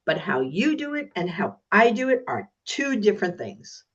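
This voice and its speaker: Animated woman guest on a podcast, acts out the people in her stories, audio a bit dull and lo-fi. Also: mid-range voice, normal speed, slightly rough. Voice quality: animated storyteller, acts out voices in anecdotes. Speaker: guest speaker. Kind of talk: podcast interview.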